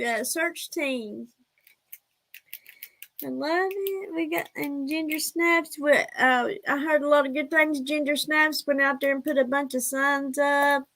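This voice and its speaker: A woman chats casually on a live stream, rambling from one thing to the next and answering viewers' comments. Her voice sits fairly high, and she takes her time with each phrase. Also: fairly bright tone. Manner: rambling and chatty, answering the chat. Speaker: livestreamer chatting with viewers.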